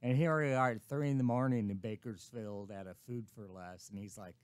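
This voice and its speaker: A man's voice: lowish voice, fairly quick, darkish tone. An older man guest telling an easygoing anecdote, chuckling along. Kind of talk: casual anecdote.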